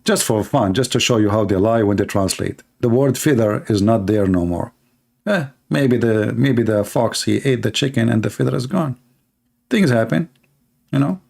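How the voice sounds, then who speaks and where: A man giving sarcastic, mocking commentary while reading texts off a screen, speaking English with non-native phrasing and breaking into sudden high-pitched exclamations. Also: expressive, normal speed, creaky, a little mellow. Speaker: online commentator.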